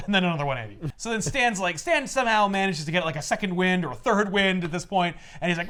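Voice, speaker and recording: Lively man retelling a comic plot. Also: high voice, fast talker, few pauses, clear, resonant tone. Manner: animated retelling, acting out characters' lines. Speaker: podcast co-host recapping a comic. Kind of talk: casual chat.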